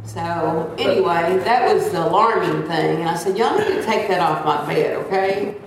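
A woman's voice: on the low side, moderate pace, a crowd in the background. A woman, chatting through a personal testimony and acting out the voices of the people in it. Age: 70s. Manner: chatty, acts out quoted voices. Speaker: church member sharing a testimony. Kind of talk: casual storytelling testimony. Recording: echoey room, distant mic.

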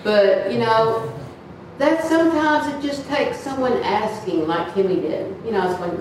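A woman's voice: a little high, unhurried. A woman speaks to her church congregation in a loose, storytelling sermon, acting out voices and laughing along the way. She is recorded from a distance in a very echoey hall. A faint hiss sits under the sound. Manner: animated, acts out voices in her stories, laughs often.

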